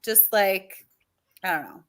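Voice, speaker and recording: A woman teacher chatting in a relaxed way on a livestream. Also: mid-range voice, slow. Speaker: teacher, guest cohost. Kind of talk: casual chat.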